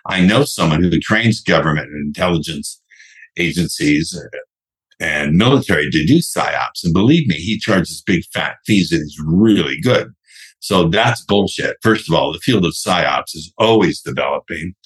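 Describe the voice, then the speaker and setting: A man's voice: deep voice, animated, moderate pace, breathy edge. A man being interviewed as a sales trainer, talking bluntly and brashly and swearing freely. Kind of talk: podcast interview.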